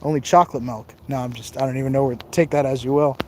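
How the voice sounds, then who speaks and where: A man's voice: mid-range voice, steady tone, quick pace, warm tone, slight background noise. Tired jokey man live-streaming outdoors. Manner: rambling, jokey, reads viewer comments aloud. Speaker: livestream host exploring outdoors. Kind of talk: casual live-stream chat. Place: outdoors on rough open ground. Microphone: phone camera held while walking.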